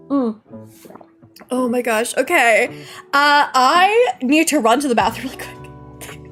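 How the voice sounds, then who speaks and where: A woman's voice: high-pitched, expressive, moderate pace, a bit bright. A young woman streaming live, chatting to her viewers in a rambling, emotional way, tired and close to tears, with nervous laughs. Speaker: VTuber streamer. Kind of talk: casual live-stream chat. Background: faint background music.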